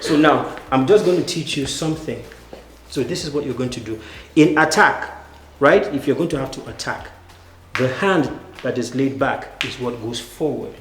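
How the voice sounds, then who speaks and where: A man coaching acting students through stage combat drills, counting out moves and calling cues in a commanding way. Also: mid-range voice. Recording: echoey room with background noise.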